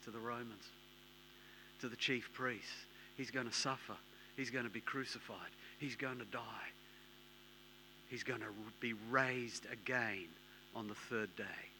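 A man preaching a sermon, emphatic and repetitive, dropping to a hush and rising to loud bursts. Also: mid-range voice, a little hiss or hum. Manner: emphatic, repetitive, swings between hushed and loud.

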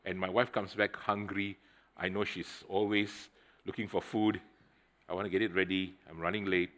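A man's voice: low-pitched, normal speed. Conversational middle-aged male preacher. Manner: conversational, addresses the congregation directly; animated storytelling with swings in loudness. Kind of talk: sermon with personal anecdote.

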